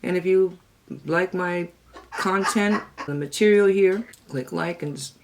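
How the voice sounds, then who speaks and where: A woman's voice: slow pace, noisy background. Chatty middle-aged woman vlogger. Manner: chatty, talks to her parrot in a high sweet voice. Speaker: cooking channel host. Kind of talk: casual chat to camera.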